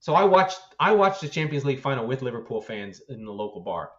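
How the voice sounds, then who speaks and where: A man's voice: medium pitch, very animated, fast talker, fairly bright tone, muffled recording. A man co-hosting a football podcast, talking casually and animatedly, swearing and laughing often. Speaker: podcast co-host.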